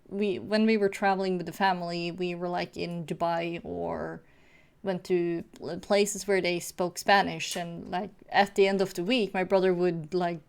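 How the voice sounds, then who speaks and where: A woman from Norway hosting a casual group chat, talking in a relaxed way and laughing often. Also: on the low side, creaky, smooth. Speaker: host.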